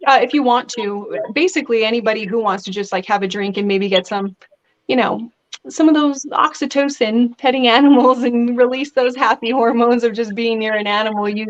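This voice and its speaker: A woman guest talking in a casual interview, chatty and lively as she tells stories. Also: on the high side, muffled recording. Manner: chatty, animated storytelling with laughs. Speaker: guest actress.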